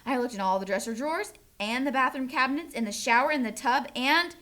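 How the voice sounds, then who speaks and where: A woman's voice: high-pitched, fairly quick, pushed and bright. A woman voicing a busy, exasperated mother who frets and scolds, read from a children's storybook. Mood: fretful. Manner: fretful, scolding.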